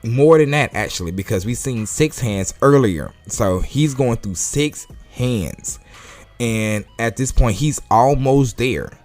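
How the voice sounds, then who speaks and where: A man's voice: mid-range voice, animated, takes it slowly, a little mellow. A man giving a casual, chatty manga review, laughing often as he talks, with faint music in the background. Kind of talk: casual chat.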